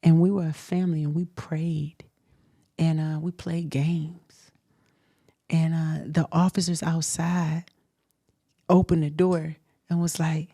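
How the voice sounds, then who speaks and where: Woman host, low-ish voice, animated candid storyteller, quick to laugh. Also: dry recording, clean studio sound. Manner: animated, laughs often, emphatic.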